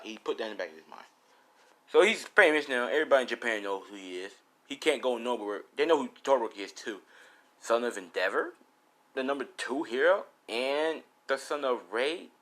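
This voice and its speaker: A man's voice: mid-range voice, fairly bright tone. A man casually improvising a fan fiction story, rambling with lots of fillers and the odd swear.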